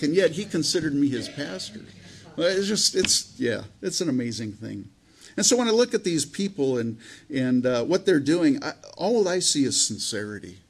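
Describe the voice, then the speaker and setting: A man's voice: on the high side, animated, moderate pace. A man, a pastor, preaching a sermon in a conversational, rambling way full of restarts and fillers.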